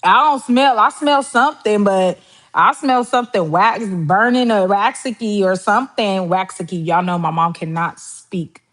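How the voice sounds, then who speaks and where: A woman's voice: mid-range voice, moderate pace, fairly bright tone. Chatty woman telling family stories. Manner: chatty storytelling, laughs often, mimics relatives. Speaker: livestream host. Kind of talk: casual livestream chat while cooking.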